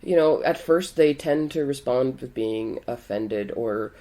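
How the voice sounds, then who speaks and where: A woman's voice: a bass voice, measured pace, mellow. A woman co-hosting a casual podcast chat, talking bluntly and frankly, with casual swearing. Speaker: podcast co-host.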